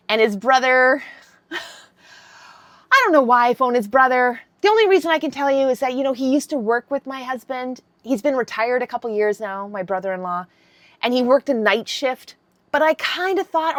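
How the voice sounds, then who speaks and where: A woman in her fifties telling a story to camera, animated and candid, swearing freely. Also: a little high, no echo. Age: 50s. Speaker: vlogger.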